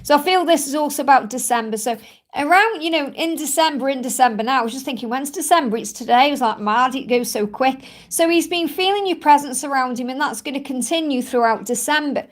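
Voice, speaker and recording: A woman with a high, light voice hosts a live card reading and answers viewers' questions. She sounds soothing and keeps calling each viewer honey. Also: a little fast. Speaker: tarot card reader.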